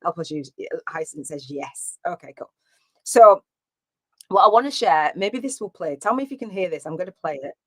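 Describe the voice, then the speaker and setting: A woman's voice: lowish voice, lively intonation, moderate pace, fairly bright tone, dry recording. A woman coaching live on a stream, chatty and rambling with many fillers and restarts. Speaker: business coach.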